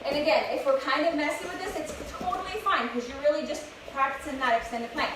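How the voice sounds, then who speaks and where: A bright, high-voiced young woman coaches children through a workout, upbeat and a little breathless. She sounds set back from the mic, with a strong echo and clear background noise around her. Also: fast talker. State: slightly out of breath. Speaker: fitness instructor. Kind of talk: live kids' workout class. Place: outdoors, open space. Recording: echoey, distant with background noise.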